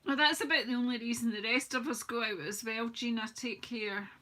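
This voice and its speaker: Bright chatty woman crafter. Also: on the high side, steady tone, a little fast. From United Kingdom. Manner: chatty and self-mocking, greets viewers from the comments. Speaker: craft demonstrator hosting a live stream. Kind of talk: live crafting demonstration, casual chat.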